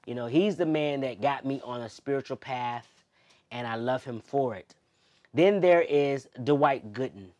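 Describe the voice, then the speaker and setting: A young adult man as an interview guest, speaking heartfelt and expressive, moving between loud emphasis and soft, near-tearful moments. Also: medium pitch, measured pace. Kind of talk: emotional personal interview.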